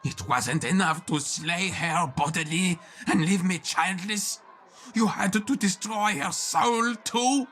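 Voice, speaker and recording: A furious grieving French-accented noble. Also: male voice, high-pitched, takes it slowly, heavily acted. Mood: bitter grief. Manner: shouting, imperious. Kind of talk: game voice acting.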